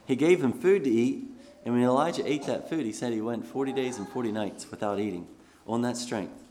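A man's voice: mid-range voice, brisk, darkish tone. Man preaching, reading scripture aloud. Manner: reads scripture aloud then comments conversationally. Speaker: pastor. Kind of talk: sermon.

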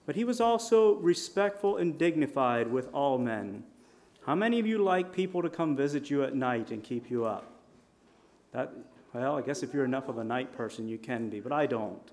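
A man preaching a sermon in a conversational storytelling manner, with lively shifts in volume. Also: medium pitch, moderate pace. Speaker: pastor.

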